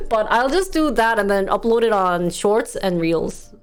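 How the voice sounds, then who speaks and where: Young woman streamer, Wisconsin accent, animated and chatty, quick giggles. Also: fairly high pitch, soft background music. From United States. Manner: chatty, giggly, reads and answers chat. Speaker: live streamer. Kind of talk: casual live-stream chat with viewers. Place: her home.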